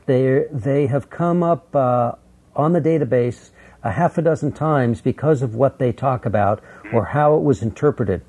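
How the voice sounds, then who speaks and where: Husky radio interviewer asking questions. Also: male voice, mid-range voice, moderate pace, warm tone. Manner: brief probing questions.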